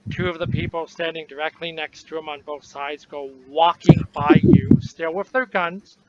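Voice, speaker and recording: Guy game-mastering a tabletop rpg, high voice, casual and descriptive, muffled lo-fi audio. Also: expressive, moderate pace. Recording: dull lo-fi recording, faint noise.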